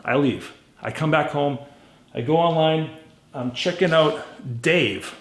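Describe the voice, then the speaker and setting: A man casually telling a story about buying a car, blunt and animated, acting out the back-and-forth of conversations. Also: a little high, unhurried. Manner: blunt, animated retelling with quoted dialogue. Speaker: car flipper vlogger. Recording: roomy echo.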